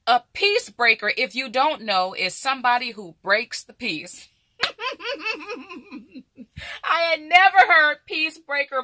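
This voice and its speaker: A woman's voice: fairly high pitch, bright, forceful tone, no echo, clean studio sound. A middle-aged woman vlogger chatting animatedly and directly to her viewers. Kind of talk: casual chat to camera.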